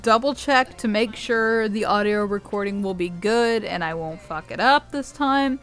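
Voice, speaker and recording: A young woman talks through her gameplay in a loose, rambling way, giggling and cursing as she goes. Her voice is smooth and clear, of middling pitch. Faint music plays underneath. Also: moderate pace, fairly bright tone. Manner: giggly, rambling, swears a lot. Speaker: gaming YouTuber. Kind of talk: casual game commentary.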